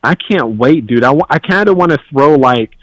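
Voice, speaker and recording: A man's voice: a little high, expressive, moderate pace, no room sound, poor audio. A man in his thirties chatting casually on his phone from a driveway outdoors, laid-back and joking. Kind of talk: casual chat.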